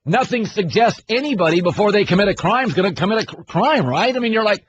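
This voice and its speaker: A man's voice: high-pitched, lively intonation, quick pace, slight background noise. Guy hosting sports radio, ranting in disbelief, kinda muffled lo-fi audio. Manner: incredulous, ranting, sarcastic. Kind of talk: opinionated sports talk.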